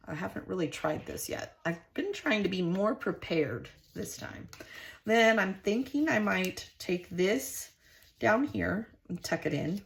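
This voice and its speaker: A woman's voice: lowish voice, vocal fry. A middle-aged woman hosting a crafting video, chatting casually and homely to her viewers as she works at her craft desk. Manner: chatty and homey, talks to viewers directly. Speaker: scrapbooking channel host. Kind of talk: casual crafting tutorial chat.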